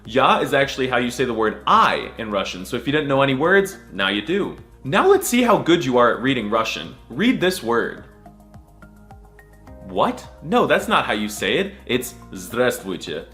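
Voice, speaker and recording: A man's voice: medium pitch, very animated, moderate pace, bright, forceful tone, soft background music. A man giving a sarcastic mock language lesson, stretching out letter sounds. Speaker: comedic language teacher.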